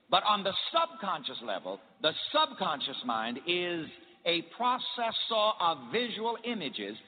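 A man's voice: a little high, a little hiss or hum. A man preaching a sermon, leading his congregation in call-and-response and repeating phrases for them to echo back. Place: church hall with a congregation. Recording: tinny archival sermon recording in a reverberant hall.

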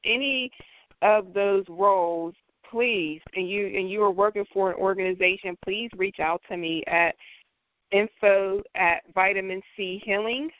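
A woman's voice: mid-range voice, no echo. A woman social worker speaking as a podcast guest, earnest and repeating words as she searches for them. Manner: earnest, repeats herself while finding words. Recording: dry phone-line sound.

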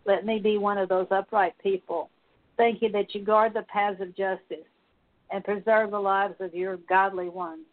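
A woman praying aloud as a minister, leading a spoken prayer of confession as a steady litany of repeated petitions. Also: medium pitch, normal speed. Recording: tinny phone-like sound.

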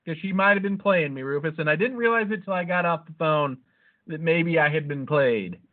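On a podcast, a high-voiced host rattles off a rambling story packed with profanity in casual conversation. He speaks briskly, and the sound is tinny and narrow, like a phone line.

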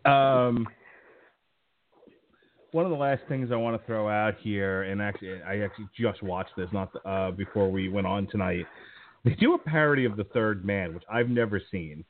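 A man's voice: lowish voice, normal speed. A middle-aged man hosting a podcast in casual chat, talking in a rambling way with lots of restarts. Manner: stumbling, rambling storyteller with many restarts. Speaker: podcast host. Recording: tinny phone-like line.

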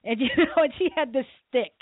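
Woman talk-radio host, animated and chatty, higher voice, phone-line quality. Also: fairly quick, dry recording. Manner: animated storytelling, laughs often. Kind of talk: casual radio chat. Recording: tinny phone-line sound, dry.

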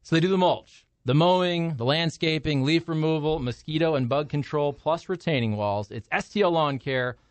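A man's voice: on the high side, normal speed, hardly any pauses, no room sound. A man co-hosting a radio show, giving a breezy, playful live read for a sponsor. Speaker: radio co-host.

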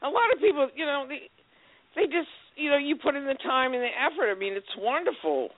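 A woman's voice: expressive, brisk. Chatty woman caller on a phone line. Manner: chatty, affectionate, swoops up and down in pitch. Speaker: caller, friend of the host. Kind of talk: casual phone chat.

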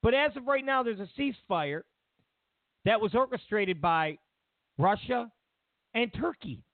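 A man's voice: high voice, lively intonation, a little slow, no room sound. A man hosting a talk show, delivering a sarcastic, mocking political rant. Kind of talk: political commentary monologue. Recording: tinny phone-like dry sound.

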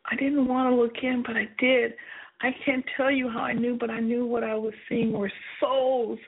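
A woman's voice: on the high side, breathy edge. A woman earnestly reading aloud from her own memoir, telling it with emotion. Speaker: author reading her book. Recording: tinny phone-like sound.

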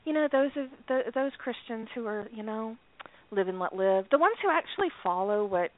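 A woman's voice: a little high, expressive, a little fast. A woman co-hosting a casual radio chat, telling stories with frequent laughs and restarts. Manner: laughs often, storytelling with restarts. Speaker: podcast co-host. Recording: tinny phone-like audio.

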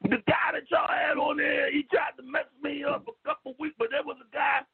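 A man talking on a radio show, loud and profane, stammering and repeating himself, sometimes shouting. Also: very high-pitched, level tone, moderate pace, creaky. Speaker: call-in guest. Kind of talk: loud rambling radio talk. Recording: lo-fi phone line.

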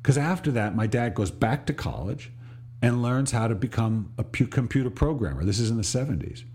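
A middle-aged man and podcast host telling a reflective personal story, slowing on details and restarting phrases. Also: mid-range voice, lively intonation, mellow, husky. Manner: reflective, pauses and restarts, slows on vivid details.

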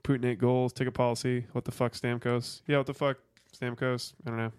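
A man's voice: medium pitch, little pitch movement, a little fast, darkish tone, clear, resonant tone, dry recording, clean studio sound. A man co-hosting a podcast in loose, joking banter, swearing freely. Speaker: podcast co-host. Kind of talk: casual chat.

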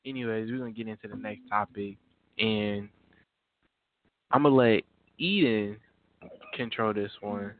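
A man's voice: lowish voice, unhurried, pauses often. A man hosting a casual podcast who jokes around and moves the talk along. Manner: playful, steers the talk. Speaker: host. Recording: phone-like thin sound.

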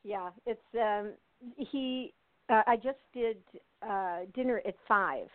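This older American lady, an actress being interviewed, speaks slowly in a medium-pitched voice over a tinny, dry phone line with no room sound. The casual chat is full of her laughter, uhs, fillers, and restarts.

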